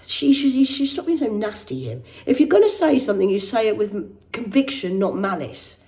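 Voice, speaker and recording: A woman's voice: mid-range voice, big pitch swings, moderate pace, darkish tone. A woman reading out celebrity news and ranting about it in a casual, rambling, sweary way. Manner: rambling, sweary, digressive, mock-indignant.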